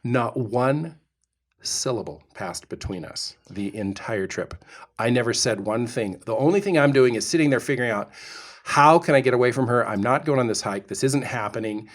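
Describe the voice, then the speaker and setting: A middle-aged man co-hosting a podcast, telling a story with animated, dramatic delivery. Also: mid-range voice, moderate pace. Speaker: podcast co-host. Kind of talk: storytelling chat.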